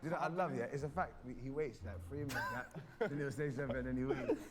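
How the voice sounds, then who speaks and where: Fast, slangy, teasing young man. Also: mid-range voice, a crowd in the background. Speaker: panelist in a party game. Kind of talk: casual banter. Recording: loud music behind the voice. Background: background music.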